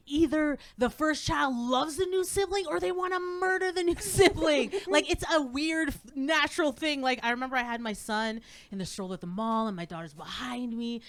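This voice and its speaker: A woman doing a stand-up comedy set on stage, animated, acting out her kids in loud voices. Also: a little high. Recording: live room with crowd audible.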